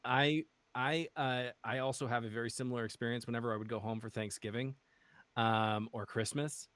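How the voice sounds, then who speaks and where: A man's voice: medium pitch, fairly even intonation, brisk, fairly bright tone, clear, resonant tone, no echo. Rambling man guest, dry sound. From western Massachusetts. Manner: rambling, many restarts, laughs often. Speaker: guest, actual play streamer. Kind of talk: casual chat.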